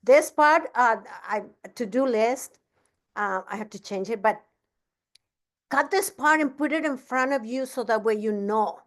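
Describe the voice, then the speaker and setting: A woman giving a casual training talk as a business coach, energetic and often restarting her sentences. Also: fairly high pitch, measured pace. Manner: energetic, repeats herself, frequent restarts.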